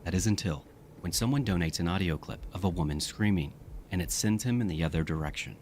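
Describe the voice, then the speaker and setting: A man giving scripted narration for a crime documentary in a measured, even way. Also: low-pitched, a little hiss or hum.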